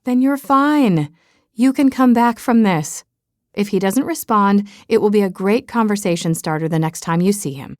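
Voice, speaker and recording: A woman's voice: medium pitch, moderate pace, no room sound, clean studio sound, lightly acted. A woman voicing a teasing, blunt young woman friend in an audiobook, breezy and unbothered. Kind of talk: audiobook dialogue reading.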